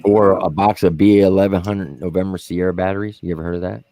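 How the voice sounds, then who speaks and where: A man and army veteran co-hosting a podcast, telling profane war stories in a casual, animated way and acting out what others said. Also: fast talker. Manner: animated, profane, acts out quotes in high voices. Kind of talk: casual storytelling among veterans.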